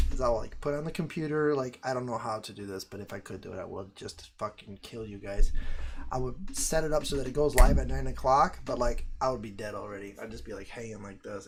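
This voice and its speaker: Profane, rambling American livestream host. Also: male voice, medium pitch. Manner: profane, rambling, loud outbursts. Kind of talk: casual livestream chat.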